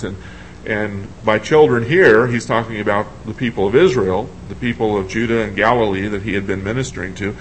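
A man's voice: on the low side, brisk, a little hiss or hum, poor audio. A man preaching a sermon in a conversational way, asking his congregation questions and thinking aloud as he reads scripture.

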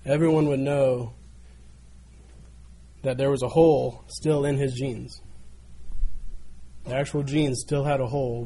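A man's voice: medium pitch, warm tone, breathy edge. A man preaching a sermon, telling a story in an earnest way and building in volume as it goes. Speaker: pastor.

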